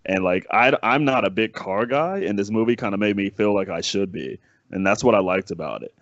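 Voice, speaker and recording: A man's voice: on the low side, brisk, no echo. A man co-hosting a casual movie podcast, easygoing and laid-back, using casual slang. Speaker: podcast co-host. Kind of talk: casual movie-review chat. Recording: dull lo-fi dry sound.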